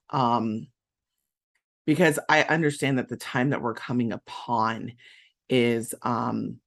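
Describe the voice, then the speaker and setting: A pregnant woman hosting a podcast, talking candidly in a casual monologue full of "um" and "like". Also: very deep voice. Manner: candid storytelling, frequent "um" and "like". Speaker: podcast host.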